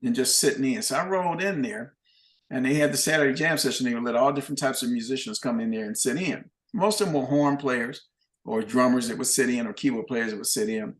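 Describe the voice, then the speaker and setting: An older man, a guest musician, telling animated, plain-spoken anecdotes in a relaxed chat. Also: medium pitch, fast, roomy sound. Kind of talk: casual storytelling.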